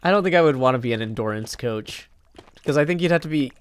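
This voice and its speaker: Male streamer from Tennessee, casual live-stream chat, rambling storyteller, mid pitch. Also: expressive, quick pace, smooth, no room sound. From Tennessee, United States. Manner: rambling storyteller, many "like"s and restarts. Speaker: live streamer playing a block-building game.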